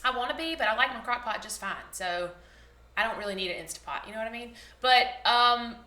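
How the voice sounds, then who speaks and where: A woman's voice: a little high, brisk, pushed and bright, echoey room. Bubbly woman chatting to camera. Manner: chatty, bubbly, rambling with many "like" fillers. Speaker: vlogger, former teacher. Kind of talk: casual vlog chat.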